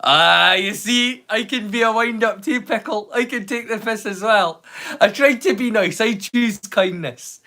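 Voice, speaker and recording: A man's voice: high-pitched, moderate pace, pushed and bright. A Scottish man chatting casually with live viewers, teasing and swearing freely. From Scotland. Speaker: live streamer.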